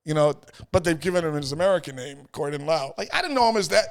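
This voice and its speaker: A middle-aged man, telling stories as an interview guest in an animated way, repeating phrases and acting out voices. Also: fairly high pitch, fast, hardly any pauses. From New York. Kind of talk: casual storytelling chat.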